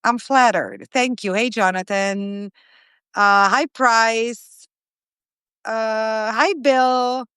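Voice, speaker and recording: A woman's voice: fairly high pitch, steady tone, drawn-out words, clean tone, no room sound. A woman in her forties hosting a casual live stream, greeting viewers by name and chatting as she cooks. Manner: chatty, warm greetings to viewers, frequent restarts. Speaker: host of a live cooking stream.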